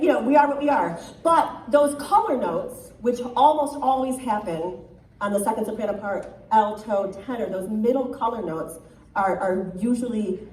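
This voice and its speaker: A soprano coaching a choir speaks in a slightly high, slightly mellow voice, with slight background noise. Chatty and encouraging, she offers critiques and often adds "right?", heard from far away in a reverberant hall.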